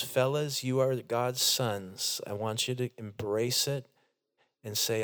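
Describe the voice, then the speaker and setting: Middle-aged pastor guy preaching slow and earnest in a church, talks right to the people. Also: mid-range voice, a bit bright. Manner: earnest, direct, addresses the congregation. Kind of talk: sermon. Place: church sanctuary.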